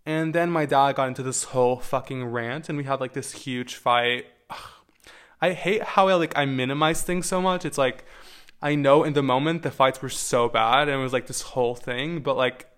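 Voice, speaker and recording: A man's voice: mid-range voice, normal speed, a bit bright, smooth. Candid young man telling stories. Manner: candid and profane, with wry asides. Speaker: vlogger. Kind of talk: casual storytelling to camera.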